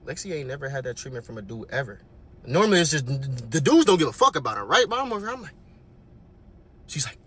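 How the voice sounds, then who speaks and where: A young man telling a storytime monologue in an animated, slangy way, often checking in with the listener. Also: mid-range voice, fast talker, slightly rough. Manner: animated, slangy, keeps checking in with "right?" and "okay?". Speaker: vlogger.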